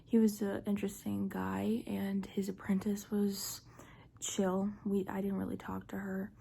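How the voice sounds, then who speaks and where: A woman's voice: medium pitch, completely flat delivery, unhurried, gravelly, warm tone, a little hiss or hum. A young woman casually telling a personal story, chatty and full of "like", often dropping to a half-whisper. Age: young adult. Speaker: vlogger.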